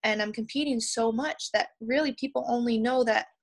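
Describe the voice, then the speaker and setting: A young woman from Canada, a pole vaulter and podcast guest, telling lively stories and laughing often. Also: a little high, fairly quick. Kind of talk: podcast interview storytelling.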